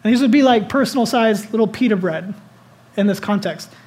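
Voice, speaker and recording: Pastor, conversational sermon delivery, lively and questioning, talks to the congregation directly. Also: medium pitch, fairly quick. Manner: conversational, animated preaching that asks the congregation questions.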